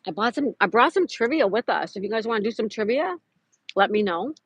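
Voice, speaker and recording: This livestream host from Florida talks to viewers outdoors in a park, greeting people by name and reading trivia aloud. Her fairly high, fairly bright voice is husky and animated, a little fast, with no room sound.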